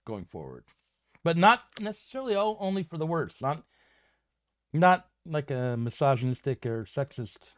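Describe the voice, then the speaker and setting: Halting male panelist, mid pitch, dry and close, stops and restarts often. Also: no room sound. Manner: hesitant, halting, many restarts. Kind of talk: casual political discussion.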